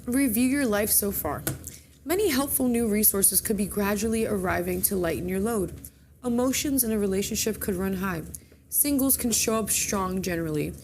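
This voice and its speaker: A woman's voice: mid-range voice, animated, a little fast, a little mellow, a little hiss or hum. A woman co-hosting a morning show, casually reading the horoscopes and chatting, stumbling and correcting herself as she goes. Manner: chatty, reads with slips and self-corrections.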